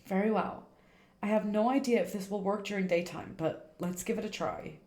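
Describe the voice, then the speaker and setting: A woman voicing a calm, serious male occult guide from a game, speaking in a measured, instructive way. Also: mid-range voice, echoey room, lightly acted. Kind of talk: reading game dialogue aloud on stream.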